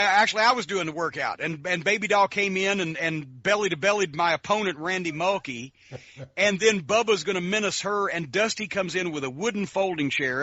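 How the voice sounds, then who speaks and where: A man telling animated, profane stories as a podcast guest, laughing often and mimicking the people in them. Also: on the high side, slightly rough, dry recording, lo-fi sound. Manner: profane, excitable, laughs often, imitates voices. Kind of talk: animated storytelling.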